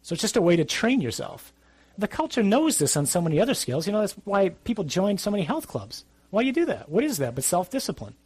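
A man's voice: sits high, very animated, quick pace, darkish tone, husky, no echo. A middle-aged man, a priest, giving a conversational, emphatic sermon with asides.

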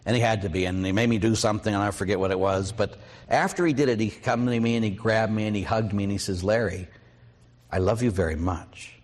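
A man's voice: lowish voice, fast talker, long reverb tail. A middle-aged male priest preaching a mission talk, telling personal stories and asking the audience questions. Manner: storytelling, lively quoted voices, asks audience questions.

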